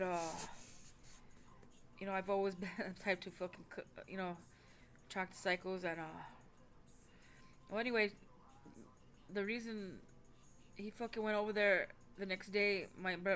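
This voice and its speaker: A woman's voice: medium pitch, steady tone, normal speed, long pauses, fairly bright tone. A woman telling a personal story to the camera in a rambling, blunt way, swearing constantly. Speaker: vlogger. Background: faint background music.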